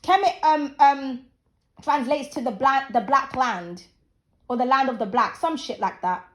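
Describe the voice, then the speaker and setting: Blunt high-voiced woman in her thirties. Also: measured pace. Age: 30s. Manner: blunt, profane, preachy. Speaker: channel host. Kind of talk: casual opinion rant to camera.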